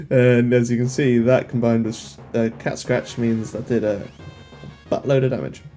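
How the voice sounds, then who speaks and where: A man's voice: medium pitch, fairly even intonation, unhurried, dark tone. A young man casually commenting on the game he plays, rambling and joking at himself. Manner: rambling, self-deprecating, joking at the screen. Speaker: let's play host. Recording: faint game music behind.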